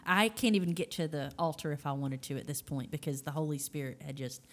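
A woman sharing a personal faith testimony in a casual, animated storytelling way, acting out the voices she quotes. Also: low voice, a little fast.

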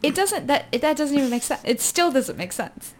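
A woman's voice: high-pitched, very animated, a little fast. A woman co-hosting a casual movie podcast, emphatic and laughing often. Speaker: podcast co-host.

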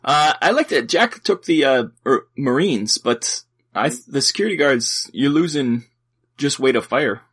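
Husky man rambling about game lists. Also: mid-range voice, animated, measured pace, fairly bright tone. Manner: rambling, many fillers and restarts, laughs often. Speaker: podcast co-host. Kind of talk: casual chat about a tabletop wargame.

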